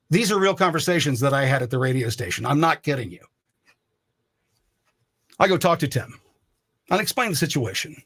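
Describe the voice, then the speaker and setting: A man's voice: fairly high pitch, expressive, brisk, long pauses, a bit bright. A man hosting a live stream, telling a story in a profane, rambling way with many restarts. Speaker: live-stream commentary host. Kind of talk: casual storytelling monologue.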